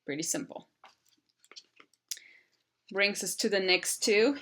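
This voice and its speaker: A woman's voice: fairly low pitch, takes it slowly, long pauses, a bit bright. A woman in her thirties who grew up in Germany, with German as her first language, giving a casual language lesson and chatting with lots of ums and uhs.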